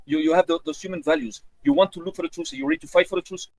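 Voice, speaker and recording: High, fast, fervent man preaching. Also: sing-song, vocal fry, dry recording, poor audio. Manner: earnest, repetitive, fervent. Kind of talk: earnest preaching to a community.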